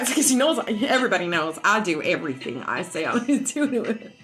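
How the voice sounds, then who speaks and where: A woman at home casually telling a story, profane and animated, often laughing as she talks. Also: on the low side, quick pace, few pauses, low-quality recording. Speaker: vlogger.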